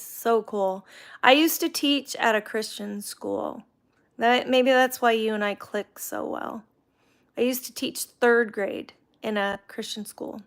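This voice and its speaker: A middle-aged woman hosts a casual livestream, reading viewer comments aloud and talking about her faith. Her mid-range voice is unhurried, with fairly even intonation.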